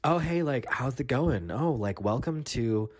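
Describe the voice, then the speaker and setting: Brief: snarky young stoner shopgirl, airy drawl, lively swoops, put on by a man. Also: mid-range voice, unhurried. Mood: bubbly snarky. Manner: valley-girl drawl with filler "like". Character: snarky young woman stoner dispensary clerk.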